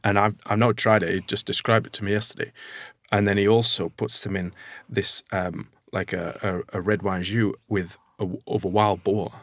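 A nut producer with a Northern English accent talks keenly as a podcast guest, often restarting and using fillers in the casual conversation. His fairly low voice moves little in pitch, runs at normal speed and sounds a bit bright, with no room sound.

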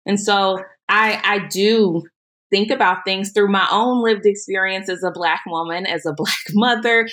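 A woman guest on a podcast answering questions in a measured, emphatic way, repeating words for stress. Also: mid-range voice, fairly even intonation, fairly bright tone. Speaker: podcast guest, education leader. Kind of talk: earnest interview answers.

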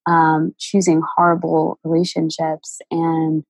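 Creaky, husky-voiced woman, halting and emotional guest, dry close sound. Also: deep voice, completely flat delivery, darkish tone, dry recording, poor audio. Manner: halting, many fillers and restarts, emotional. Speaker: interview guest. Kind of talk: candid personal storytelling.

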